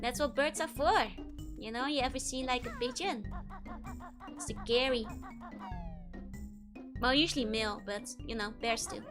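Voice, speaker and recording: A woman's voice: high voice, big pitch swings, slow, pauses often. A young woman with a Dutch accent, a native Dutch speaker, chatting and giggling through casual gameplay commentary as a streamer and answering her chat. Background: game music.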